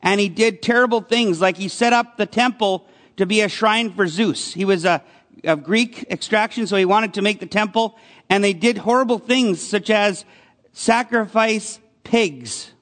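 A pastor with a high, slightly bright voice gives a sermon in a hall at a moderate pace. His style is conversational, and he poses questions to the congregation.

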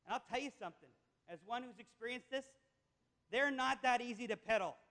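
A man's voice: very high voice, fairly quick, a bit bright. A man preaching a sermon, telling a joke as a story and building to emphatic, repeated declarations. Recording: echoey hall with long reverb.

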